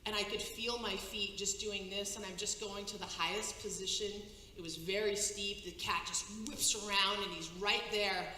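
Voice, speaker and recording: A woman giving a personal testimony on stage, telling a dramatic story with halting restarts and breathless pacing. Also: mid-range voice, steady tone, bright, forceful tone. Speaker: conference speaker. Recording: echoey hall, faint noise.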